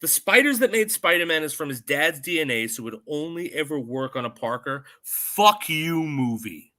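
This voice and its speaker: A man with a bright, forceful voice that sits a little high tears into a movie with sarcastic, profane jokes. He talks as a podcast co-host in casual review chat. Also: lively intonation, brisk.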